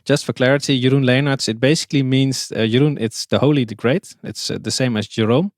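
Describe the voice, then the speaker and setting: A man's voice: medium pitch, fairly even intonation, brisk, dry recording, clean studio sound. A man with a Dutch accent, a podcast guest in a casual interview, speaking hesitantly with many fillers and restarts. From Netherlands.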